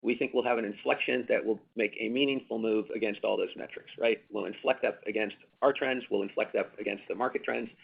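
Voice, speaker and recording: Gravelly man rambling on a phone line. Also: on the low side, fairly even intonation, brisk, few pauses. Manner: rambling, many fillers and restarts, emphatic repetition. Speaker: company executive answering analysts. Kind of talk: earnings call answers.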